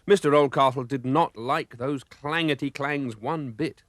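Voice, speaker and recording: A man narrating a children's storybook cartoon, expressive and voicing the sound effects himself. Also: medium pitch, a little slow, dry recording, clean studio sound.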